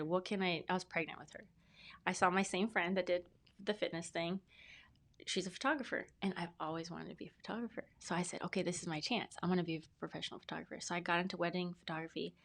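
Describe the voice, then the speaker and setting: A woman in her thirties speaking with a somewhat low voice. She talks as a podcast guest, earnest and rambling, and she often circles back and restarts her sentences. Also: vocal fry, a bit bright. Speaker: podcast guest, brand specialist. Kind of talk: casual interview storytelling.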